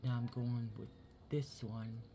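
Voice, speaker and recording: A man talks to his viewers at an unhurried pace as he does his makeup, loose and full of swearing. He drops to a near-whisper while he blends. A steady hiss of background noise sits under his voice. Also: medium pitch. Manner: chatty and profane, talks straight to viewers. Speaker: makeup vlogger. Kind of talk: casual chat while doing makeup.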